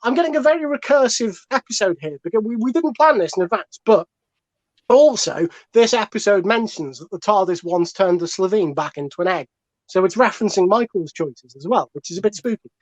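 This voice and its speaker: High-pitched, expressive and a little fast, a man argues his point on a comedy podcast where he's a panelist. He wanders off on tangents and curses freely, captured in a dry, dull, lo-fi recording without echo.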